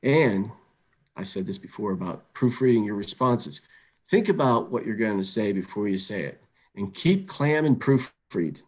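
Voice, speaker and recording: A middle-aged man presenting an instructional webinar, calm and measured, often repeating words as he thinks aloud. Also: fairly low pitch. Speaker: webinar presenter on crisis intervention.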